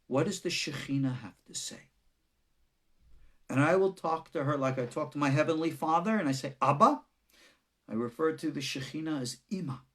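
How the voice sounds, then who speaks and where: A man's voice: fairly high pitch, fairly quick. A man with a Long Island New York accent, a rabbi giving an unscripted, joking teaching with dramatic turns. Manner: joking, dramatic, breaks into laughter.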